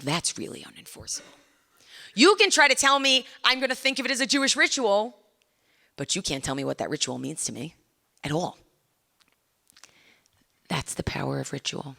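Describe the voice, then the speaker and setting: A woman's voice: sits low, vocal fry. A middle-aged woman giving a conversational lecture to a live audience in a lecture room, putting questions to the listeners and acting out little scenes. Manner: animated, acts out little scenes.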